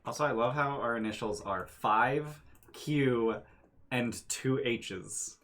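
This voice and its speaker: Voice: medium pitch, takes it slowly, fairly bright tone, slight background noise. A tabletop player chatting casually and hesitantly, with many likes. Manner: hesitant, filler-heavy talk. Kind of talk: casual chat around a tabletop game.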